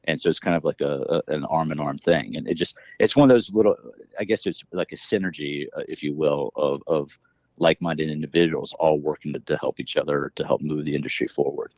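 A man's voice: very deep voice, fairly quick, a little mellow, dry recording, highs cut off. A middle-aged man talking as an interview guest, rambling with many restarts as he explains his work in fitness education. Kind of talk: casual interview conversation.

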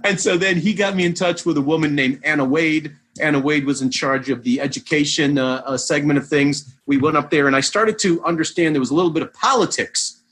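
A man's voice: on the high side, a little fast, few pauses, slightly rough. A man, a vintage baseball player, telling long rambling anecdotes as a guest in a casual interview. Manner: rambling, animated anecdotes with restarts.

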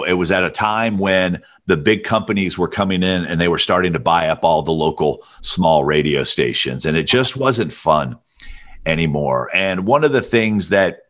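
A middle-aged man from Alabama with a rich, deep voice, telling stories as an interview guest. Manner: relaxed storyteller with a deep radio-style voice. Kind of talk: storytelling interview.

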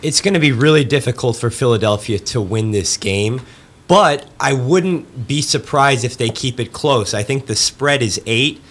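A man co-hosting a sports podcast, analyzing basketball in a measured, steady way. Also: medium pitch. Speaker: podcast producer, co-host.

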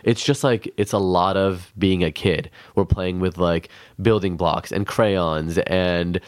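A man's voice: low-pitched, fairly even intonation, slow, clean tone, dry recording. A man from Los Angeles, a podcast guest, talking casually and earnestly with lots of fillers.

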